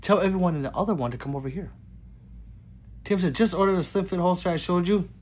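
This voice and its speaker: On his own gun channel livestream, a man reads chat comments aloud and fires back loose, casual jokes. His voice sits high and moves fast, jumping between loud greetings and quieter mutters.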